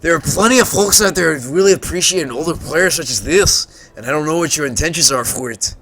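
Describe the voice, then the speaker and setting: A man voicing a gruff but well-meaning old male junk dealer with a put-on German accent. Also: on the high side, fairly bright tone, pitched above the performer's own voice. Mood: fond. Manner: gruff, slow and hearty.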